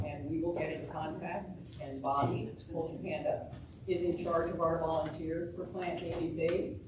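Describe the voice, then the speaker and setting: A woman giving chatty, rambling announcements at a club meeting, with many fillers. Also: lowish voice. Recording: echoey room, far from mic, noisy.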